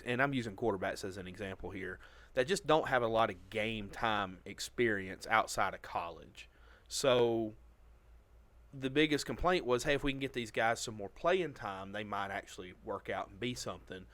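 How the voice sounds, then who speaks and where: A man's voice: medium pitch, moderate pace, fairly bright tone, no echo. A man co-hosting a podcast, explaining football leagues at length in casual chat with a self-mocking streak. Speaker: podcast co-host.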